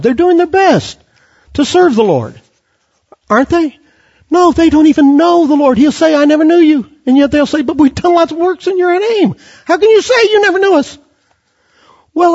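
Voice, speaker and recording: A man's voice: high voice, a little mellow, breathy edge. A man preaching a sermon with passion, quoting scripture and firing off rhetorical questions. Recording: dull lo-fi recording.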